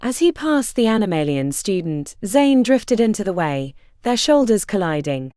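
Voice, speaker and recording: A woman narrating a fantasy audiobook with expressive, measured storytelling. Her pitch rises and falls freely at a mid-range level. The recording is dry and close, with no room sound. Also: no echo.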